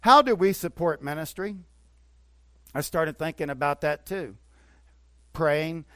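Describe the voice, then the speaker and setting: A man preaching a sermon, moving between emphatic bursts and quieter asides. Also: a little high, unhurried, dry recording. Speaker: pastor.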